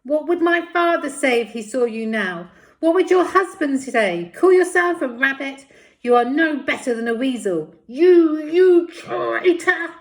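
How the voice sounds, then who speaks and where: A woman reading aloud, voicing a hot-tempered, stubborn young girl rabbit in a shrill, defiant voice. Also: expressive, unhurried, a little mellow. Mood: furious.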